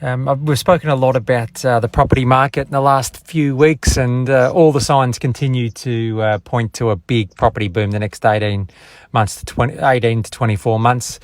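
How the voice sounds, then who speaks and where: An Australian man with a middle-pitched voice gives a relaxed, halting money update. The recording is dry, with no room sound. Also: dry recording. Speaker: finance segment presenter. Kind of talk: casual finance update.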